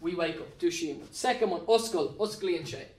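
Irish male teacher, higher-pitched, patient and plain, recorded off-mic in an echoey classroom. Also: expressive, a little fast, recorded from a distance, a little hiss or hum. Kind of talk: recorded classroom lesson at a whiteboard. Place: classroom with a whiteboard.

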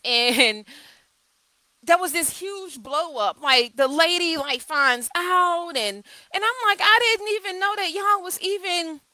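A woman's voice: high-pitched, sharp tone, no echo, low-quality recording. A woman coach talking live to her viewers, telling candid stories and repeating key phrases for emphasis. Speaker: communication coach. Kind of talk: live video talk.

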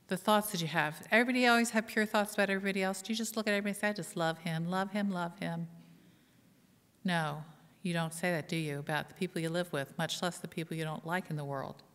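A woman's voice: lowish voice, fairly bright tone. Woman preaching with humor in a reverberant church. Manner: conversational, asks the congregation questions, self-deprecating humor. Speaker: pastor. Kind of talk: sermon. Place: church sanctuary.

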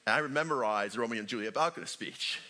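A middle-aged male pastor preaching a sermon in a church, joking with the congregation and swinging from loud calls to near whispers. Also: mid-range voice, quick pace. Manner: animated, joking preacher with big swings in loudness. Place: church sanctuary.

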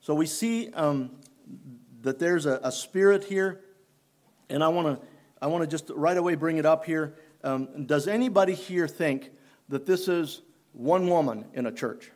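A man preaching a sermon in church, unhurried and halting, often restarting his phrases. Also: a little high, a little mellow. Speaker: pastor.

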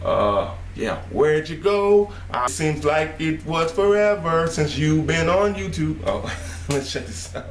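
A man casually chatting and reacting to a friend's video, relaxed and joking. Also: on the high side, measured pace, echoey room, a little hiss or hum. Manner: laid-back, chatty, laughs along. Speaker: YouTube reactor.

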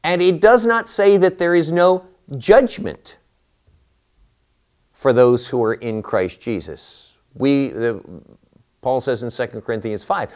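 A man's voice: medium pitch, animated, slow, a little mellow. A man teaching a Bible class, lecturing through a passage and posing rhetorical questions to his listeners.

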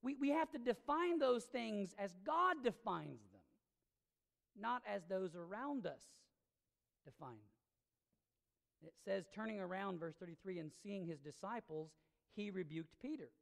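A woman's voice: medium pitch, lively intonation, a little slow, vocal fry. A woman pastor preaching a sermon in an emphatic, conversational way. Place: church sanctuary. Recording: long reverb of a church hall.

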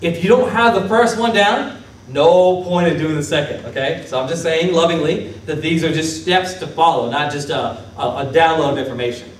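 A man preaching as pastor, lively, questioning his congregation and acting out Bible figures. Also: fairly high pitch, normal speed. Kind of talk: sermon. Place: church sanctuary. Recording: echoey church hall from a distance.

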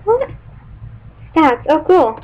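A woman casually commenting on her own gameplay, excitable and rambling, squealing and whooping when thrilled. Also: sits high, very slow. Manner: rambling, many fillers. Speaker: gaming channel host. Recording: dull lo-fi mic with faint hiss.

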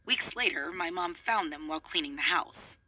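A woman reading a memoir aloud in an expressive way, adding amused asides. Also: lowish voice, normal speed, no echo, low-quality recording. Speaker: reader.

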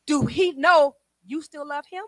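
A woman a sermon, testifying with swings from quiet talk to shouted praise. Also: sits high, a little slow, dry recording. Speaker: preacher.

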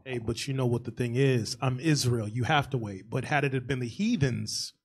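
A man's voice: mid-range voice, normal speed, slightly rough. A church elder, a man speaking in sermon commentary, with an earnest, exhorting manner.

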